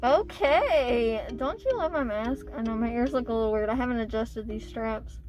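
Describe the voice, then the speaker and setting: Bubbly high-voiced woman vlogger. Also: normal speed, music in the background. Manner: bubbly, chatty, swears casually. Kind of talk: casual vlog chat.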